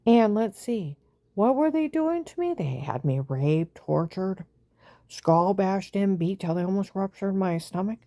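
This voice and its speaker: A woman in a rambling, agitated monologue that swings between loud outbursts and low whispers. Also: expressive, measured pace, no echo, clean studio sound. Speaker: vlogger.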